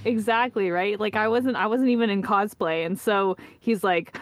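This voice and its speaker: A woman co-hosting a podcast, telling an animated story in casual chat and acting out what people said. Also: medium pitch, a little slow, clear, resonant tone, no echo. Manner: animated storyteller, acts out quotes. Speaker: podcast co-host.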